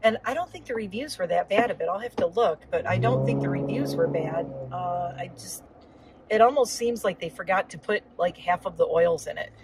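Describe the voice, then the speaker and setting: A woman's voice: lowish voice, expressive, brisk, gravelly, very noisy. A woman chatting casually while driving, rambling with lots of asides and a slightly sore throat. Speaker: vlogger. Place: inside a car on the road.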